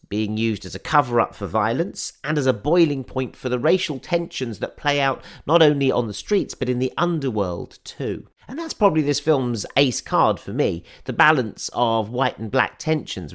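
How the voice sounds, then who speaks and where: A man hosting a film podcast, giving a chatty, enthusiastic and wry review. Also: mid-range voice. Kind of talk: scripted film review and interview intro.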